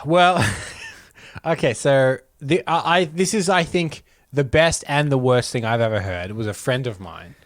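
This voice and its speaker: A man with an Australian accent, co-hosting a casual podcast over a remote recording, playful and quick to act out little scenes. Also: medium pitch, dry recording, studio quality. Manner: playful storyteller, mimics others' voices. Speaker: podcast co-host.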